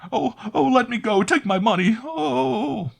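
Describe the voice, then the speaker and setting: A man voicing a portly old landlady in a storybook, shrill and panicky, crying out in terror. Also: big pitch swings, fairly quick, breathy edge, heavily acted. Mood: shrieking terror. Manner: shrieking in terror.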